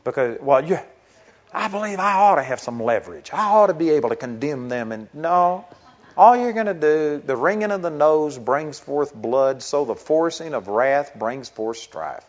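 A man's voice: fairly high pitch, lively intonation, normal speed. Earnest middle-aged male pastor preaching. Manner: earnest, conversational preaching with rising emphatic stretches. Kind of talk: sermon. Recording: dull lo-fi recording.

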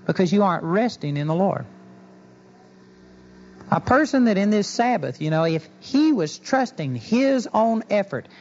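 A man preaching a sermon in an earnest teaching manner, acting out pleading prayers. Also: sits high. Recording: dull lo-fi sound.

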